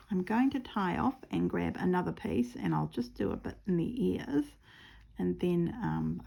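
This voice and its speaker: A woman's voice: fairly low pitch, vocal fry, mellow. A woman with a New Zealand accent chatting casually and rambling while she stitches, with self-mocking humour. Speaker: craft vlogger.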